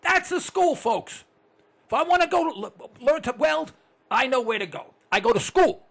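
Excitable older talk radio host, gravelly. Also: male voice, very high-pitched, normal speed. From United States. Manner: ranting, excitable, blunt.

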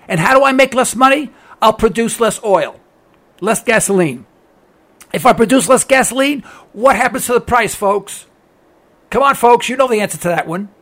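Man, commentator, opinionated monologue, emphatic, repeats himself for effect, sarcastic, unusually high voice, rough gravelly edge. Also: animated, moderate pace, fairly bright tone. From United States. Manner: emphatic, sarcastic, hammers points by repetition. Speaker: political commentator. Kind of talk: opinionated radio-style monologue.

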